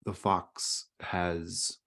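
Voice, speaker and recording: A man narrating a tabletop game as its game master, with descriptive, unhurried storytelling. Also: deep voice, flat delivery, creaky, sharp tone.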